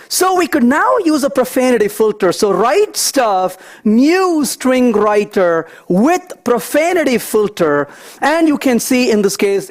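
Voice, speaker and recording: A man giving a technical conference talk, walking through live code and telling lively anecdotes as he thinks aloud. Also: extremely high pitch. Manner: animated, storytelling asides, thinks aloud. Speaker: conference speaker.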